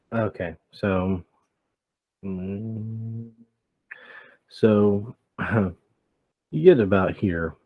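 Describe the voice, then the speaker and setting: A man's voice: sits low, dark tone, dry recording. A man narrating as game master of a tabletop game, talking in a hesitant way with many fillers.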